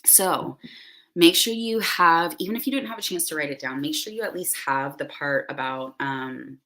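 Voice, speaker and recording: A woman's voice: low voice, moderate pace, bright, forceful tone, poor audio. A woman hosting a spiritual ceremony, talking in a loose, effusive, rambling way full of "like" and "right?", recorded on a computer microphone indoors. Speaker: spiritual host leading a meditation ceremony. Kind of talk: casual spiritual guidance talk.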